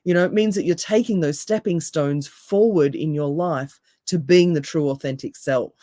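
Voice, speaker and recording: A woman with a deep voice, a hypnotherapist and coach speaking as a podcast guest with calm, emphatic, repeated phrases. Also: no echo, clean studio sound.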